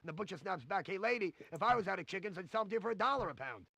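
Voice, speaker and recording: Cheesy game stand-up comic: high, bouncy, gravelly, rapid-fire hammy delivery, dry close mic. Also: male voice, expressive, very noisy. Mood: joke-telling. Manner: brash, hammy joke delivery. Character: cheesy stand-up comedian man, brash and corny. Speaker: game's recorded comedian. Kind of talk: 1990s CD-ROM stand-up comedy routine.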